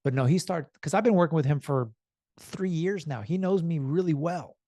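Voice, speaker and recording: A man's voice: fairly high pitch, normal speed, no room sound, clean studio sound. A man talking to the camera in a casual motivational vlog, telling a story earnestly and acting out the people in it. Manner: earnest, animated storytelling with quoted voices. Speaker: self-improvement vlogger.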